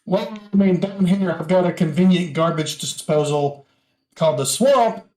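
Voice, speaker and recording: A co-host making slow, drawling jokes in casual chat. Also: medium pitch, darkish tone, reverberant.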